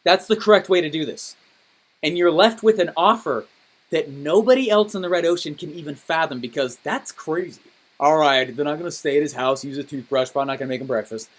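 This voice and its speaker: A man with a fairly high voice leads a coaching call for his students. He tells stories in an animated, enthusiastic way and keeps checking in with his listeners. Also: fairly quick. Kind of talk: energetic coaching call with storytelling.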